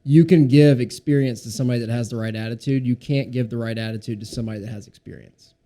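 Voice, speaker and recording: A man hosting an interview podcast who talks fast and affirms his guests. He sums up their points plainly. His voice is mellow and mid-pitched. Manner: quick, affirming, paraphrases the guest. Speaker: podcast host. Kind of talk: casual interview chat.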